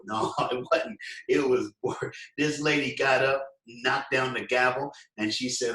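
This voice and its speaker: A man giving a motivational speech, telling a story with lively acted-out quotes and talking straight to the listeners. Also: medium pitch, a little slow, echoey room, recorded from a distance, poor audio. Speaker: motivational speaker.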